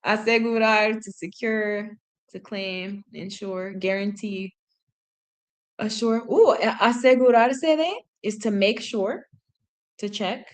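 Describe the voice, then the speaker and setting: A woman, casually reading aloud and translating on a live stream, chatty and quick to correct herself. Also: mid-range voice. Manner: chatty, self-correcting, laughs at herself, drops into sung snippets. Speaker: language learner streaming a reading session.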